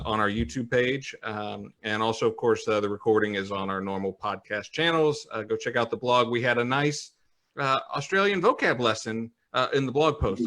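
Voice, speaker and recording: A man co-hosting a casual podcast happy hour, reading out viewer comments in a relaxed, halting way with plenty of fillers. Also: fairly low pitch. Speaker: podcast co-host. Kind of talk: casual live-stream chat.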